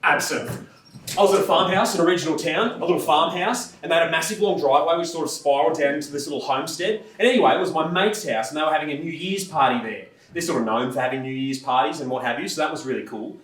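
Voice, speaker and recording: A man's voice: on the high side, fast, a bit bright, natural voice. An actor playing a young man telling a rambling, swearing story of a drunken party on stage. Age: young adult. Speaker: actor in a verbatim stage play. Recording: roomy stage sound from far off.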